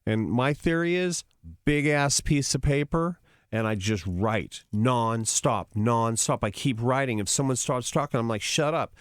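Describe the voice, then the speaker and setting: A man's voice: mid-range voice, a little slow, smooth, no echo, studio quality. A man guest on a podcast, telling stories casually and acting out sounds and quotes. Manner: animated, acts out sounds and quotes. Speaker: rock musician guest. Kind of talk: casual storytelling interview.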